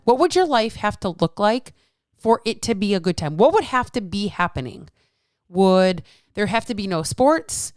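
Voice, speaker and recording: A woman's voice: medium pitch, smooth, dry recording, studio quality. Blunt, profane woman podcast host. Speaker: fitness coach and podcast host. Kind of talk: solo podcast rant.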